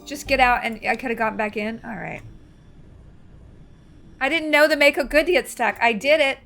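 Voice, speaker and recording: A woman in her forties chatting excitedly while playing a game live, with loud exclamations. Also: on the high side, moderate pace, creaky, long pauses, faint music behind. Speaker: streamer. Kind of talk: live gameplay commentary.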